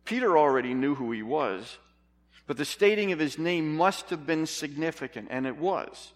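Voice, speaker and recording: A man's voice: on the high side, expressive, normal speed, long reverb tail. A man preaching a sermon in an earnest, emphatic way, putting questions to his congregation.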